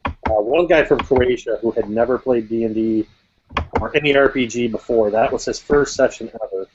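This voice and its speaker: A man's voice: mid-range voice, normal speed, background noise. A man who runs tabletop games, chatting casually and hesitantly and often repeating words. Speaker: game master and host. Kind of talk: casual chat. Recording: dull lo-fi call.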